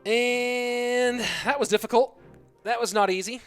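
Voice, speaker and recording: A boisterous Scottish caster roars through a live video game match, as a man puts on the accent. His voice sits high and ringing, all exclamations and quick calls. Music plays under him throughout. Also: fairly even intonation, smooth. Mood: excited. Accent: Scottish, put on. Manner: loud, exclaiming play-by-play. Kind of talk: live esports commentary.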